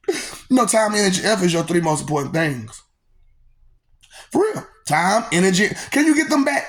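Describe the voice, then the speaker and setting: A vlogger with a medium-pitched, sing-song voice rants to the camera at normal speed, leaving long pauses. The monologue is rambling and playful, full of laughter between lines and words repeated in a sing-song manner.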